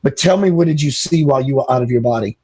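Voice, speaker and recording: A man quoting a calm, wise alien guide. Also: mid-range voice, quick pace, breathy edge, lightly acted.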